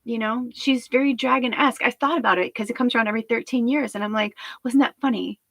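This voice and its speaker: A woman's voice: a little high, fairly even intonation, fast, a bit bright, no echo, poor audio. Woman rambling emotionally, close and dry. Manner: rambling, emotional, swears freely. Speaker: spiritual medium streamer. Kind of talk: candid livestream monologue.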